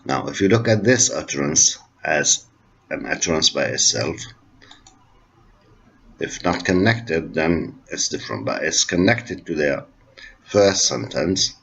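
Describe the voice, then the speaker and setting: A man with Arabic as his first language, giving a university linguistics lecture in a slow, repetitive explaining manner and switching into Arabic at times. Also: very deep voice, very animated, creaky, a bit bright, slightly rough. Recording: dull lo-fi recording.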